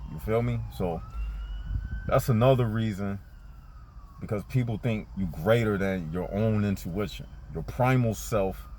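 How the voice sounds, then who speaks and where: A man's voice: lowish voice, measured pace, mellow, slight background noise. A man in a parked car giving a casual spiritual talk to his viewers, laid-back and slangy, speaking straight to them. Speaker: spiritual vlogger.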